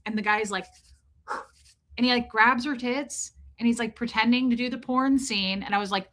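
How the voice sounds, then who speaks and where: A woman hosting a livestream, telling a comic story in a casual, profane, animated way and calling out viewers in the chat by name. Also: fairly high pitch, moderate pace. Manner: animated, profane, ranting, reads chat names aloud. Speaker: livestream host.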